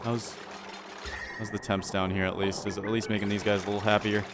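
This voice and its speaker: A man's voice: lowish voice, little pitch movement, a little fast, music in the background. A man commentating his own video game play, rambling and repeating himself as things go wrong. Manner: frantic, rambling, often repeats himself under pressure. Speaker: gaming channel host.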